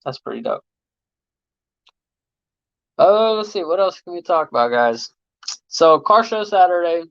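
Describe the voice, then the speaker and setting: Recorded on a phone, the audio is muffled but free of room sound as this late-thirties mechanic chats with livestream viewers, reading their comments, using slang and laughing often. He has a high, somewhat bright voice with vocal fry, speaking expressively and without hurry.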